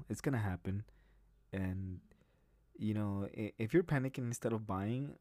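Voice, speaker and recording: A man's voice: fairly low pitch, moderate pace, warm tone, no echo. A man hosting a solo podcast, talking bluntly and profanely in a rambling way with many restarts. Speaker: podcast host. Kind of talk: casual solo podcast monologue.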